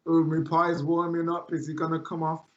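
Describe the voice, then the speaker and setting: A man's voice: fairly high pitch, little pitch movement, moderate pace, muffled recording. A man co-hosting a casual football watchalong over a call, easygoing and mostly giving short agreeing replies. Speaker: co-host on a football fan show. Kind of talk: casual live match watchalong chat.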